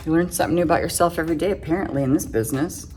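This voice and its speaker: Chatty low-voiced middle-aged woman. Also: very fast, darkish tone, soft background music. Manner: chatty, self-joking, giggly asides. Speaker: makeup vlogger. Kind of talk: casual chatty makeup tutorial.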